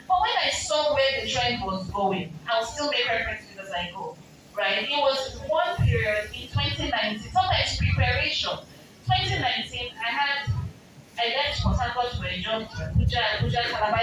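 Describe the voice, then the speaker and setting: A woman with a Nigerian accent, a business coach giving a seminar talk, asking the audience questions and slipping into Pidgin asides. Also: fairly high pitch. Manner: rhetorical, switching into Pidgin asides. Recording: very echoey hall, distant mic, ambient noise.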